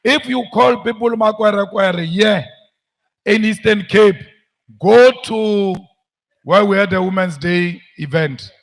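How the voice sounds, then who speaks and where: A man with a South African accent giving a forceful political rally speech, repeating lines for emphasis. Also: high voice, slow. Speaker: opposition politician.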